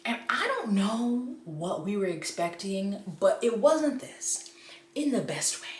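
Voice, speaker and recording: A woman chatting casually and excitedly about books she loves, acting out her own reactions. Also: medium pitch, takes it slowly. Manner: gushing, animated, quotes her own reactions. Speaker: book vlogger. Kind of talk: casual book review chat. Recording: echoey room with faint noise.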